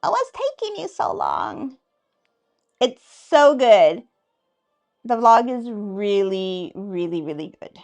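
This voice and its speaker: A woman's voice: mid-range voice, wildly swooping pitch, takes it slowly, gravelly, a little mellow, soft background music. A woman hosting a casual livestream chat, reading viewer comments aloud in a playful, teasing way and laughing often. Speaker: livestream host.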